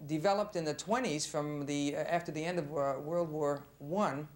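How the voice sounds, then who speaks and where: Halting man interviewing a dancer. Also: a little high, steady tone. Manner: halting, many fillers and restarts. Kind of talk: casual interview.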